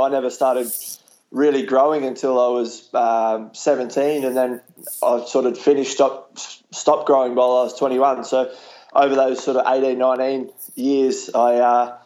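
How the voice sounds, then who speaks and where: A man with an Australian accent being interviewed, answering in a relaxed, hesitant way with frequent restarts and "you know". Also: mid-range voice, moderate pace. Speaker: interview guest, cricketer. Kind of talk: casual interview chat.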